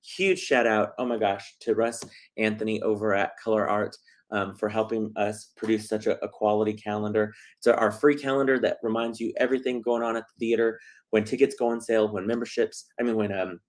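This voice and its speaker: Male host, middle-aged, talks fast and excitably, lots of ums. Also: on the low side. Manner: chatty, excitable, lots of fillers. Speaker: theater talk show host. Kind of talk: casual livestream chat.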